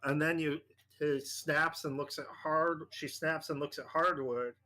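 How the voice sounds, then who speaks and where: A man acting as game master, narrating a tabletop horror game in a halting way with many fillers. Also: a little high, fairly even intonation, pushed and bright.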